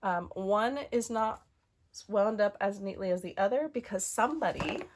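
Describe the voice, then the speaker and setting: A woman's voice: medium pitch, moderate pace. Female knitting podcast host, 30s, bubbly and conversational. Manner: chatty and bubbly, many fillers and asides. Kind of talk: casual show-and-tell chat.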